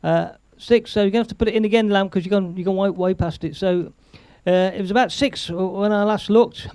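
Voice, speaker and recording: A man chats loosely on his live stream, laughing often and reading viewer messages aloud. His voice sits high for a man. The sound is dry and close, with no room around it. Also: brisk, darkish tone, smooth, no echo. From England. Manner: chatty, rambling, laughs often, reads viewer comments aloud. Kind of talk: casual live-stream chat.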